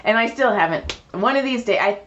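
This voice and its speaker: A woman's voice: on the high side, fairly quick, slight background noise. A woman co-hosting a podcast, telling stories in casual chat and acting out the dialogue of the people in them. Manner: animated, acts out quoted dialogue. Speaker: podcast co-host. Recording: dull lo-fi podcast audio.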